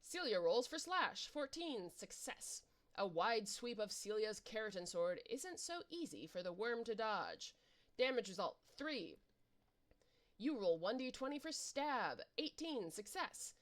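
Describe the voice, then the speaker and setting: A woman reading a webcomic adventure aloud in an informal, animated way, narrating the dice rolls and action with playful reactions. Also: a little high, a little slow. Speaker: reader and narrator.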